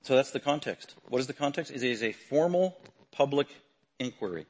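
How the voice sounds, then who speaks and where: A man preaching a sermon, talking through a passage and building to loud, emphatic proclamations. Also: mid-range voice, lively intonation, moderate pace, breathy edge.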